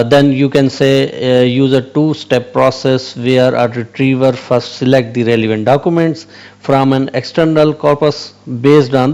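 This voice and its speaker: Man, tutorial host: halting delivery, frequent fillers, mid pitch. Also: a little mellow. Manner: hesitant, many fillers and restarts, repeats "okay". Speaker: channel host explaining AI concepts. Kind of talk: whiteboard tutorial, unscripted.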